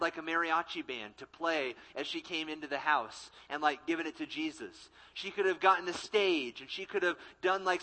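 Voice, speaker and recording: A young adult man, a college ministry pastor, delivering a sermon with emphatic repetition and quick acted-out quotes. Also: on the high side, pushed and bright, rough recording.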